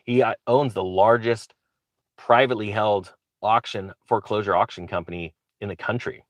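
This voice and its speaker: A man hosting his own channel, talking casually to camera in an excitable, rambling way with frequent restarts. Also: lowish voice, normal speed, no echo. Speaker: real estate investor and channel host.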